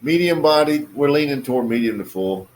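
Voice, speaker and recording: A man casually reviewing a cigar on his video channel, in a relaxed, musing way with many fillers. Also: medium pitch, brisk.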